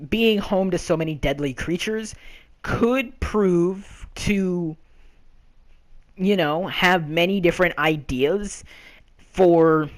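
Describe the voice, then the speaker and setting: A young man talks through a casual gaming countdown as its host. His voice sits a little high, and he rambles, leaning on fillers and loose restarts as he goes.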